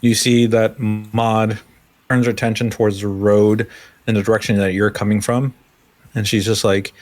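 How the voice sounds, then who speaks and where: A man's voice: fairly low pitch, level tone, moderate pace, a little mellow. A man running a tabletop role-playing game as game master, describing scenes loosely with many fillers.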